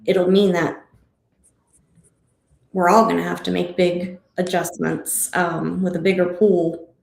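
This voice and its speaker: A woman real estate agent joining a casual livestream discussion, asking a string of questions while thinking out loud. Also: lowish voice, flat delivery, slow, vocal fry. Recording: echoey room.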